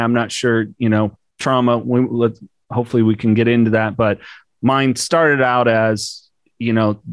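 A man hosting a podcast interview, asking questions in a relaxed, searching way with frequent fillers. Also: medium pitch, no echo, clean studio sound. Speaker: podcast host. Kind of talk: conversational interview.

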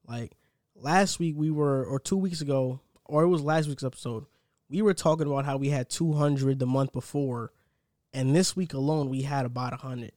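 A man's voice: medium pitch, moderate pace, a little mellow, no room sound, studio quality. A young man hosting a casual sports podcast, chatty and upbeat, rambling a little as he talks. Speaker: podcast host.

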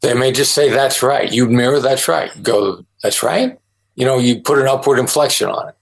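A man's voice: mid-range voice, fairly even intonation, fairly quick, gravelly, poor audio. A middle-aged man, a guest on a podcast interview, explaining his ideas emphatically and acting out example phrases. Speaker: negotiation expert guest.

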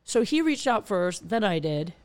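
A woman in her thirties hosts a casual podcast and tells a dating story. She rambles, trails off and starts her sentences over. Her pitch sits at a middle level for a woman. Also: sing-song, moderate pace, darkish tone. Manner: chatty storyteller, trails off and restarts. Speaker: podcast host. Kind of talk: casual chat. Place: outdoors in bright sun.

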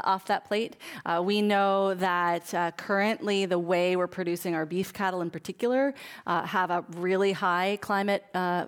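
A woman guest on a talk show, giving earnest, explanatory answers with frequent fillers. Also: lowish voice. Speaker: guest, food advocate and author. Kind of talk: conversational interview answers.

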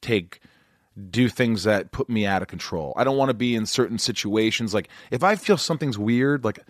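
Loud New man hosting a chat. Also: lowish voice, lively intonation, normal speed, dry recording, clean studio sound. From New York. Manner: loud, self-described, talks in restarts. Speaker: podcast host. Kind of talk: casual chat.

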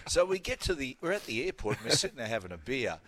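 A man's voice: medium pitch, fast, crowd noise. A man with an Australian accent, co-hosting a sports radio show and telling stories in blokey banter. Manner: animated storyteller, blokey banter. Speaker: radio co-host.

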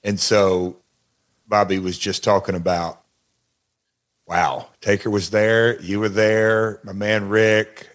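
An older man, a retired wrestler and guest, recalling backstage moments in a halting, rambling casual chat. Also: lowish voice, little pitch movement.

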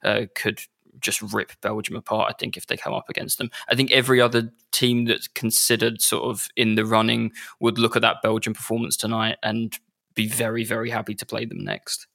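A man's voice: fairly low pitch, level tone, fairly quick, creaky, bright, forceful tone. A man co-hosting a casual football chat, giving thoughtful, rambling analysis with many restarts. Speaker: podcast co-host.

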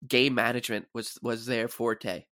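A man's voice: medium pitch, flat delivery, moderate pace, pushed and bright, no room sound, studio quality. A man chatting as a guest on a casual sports podcast, rambling and stumbling over repeated words.

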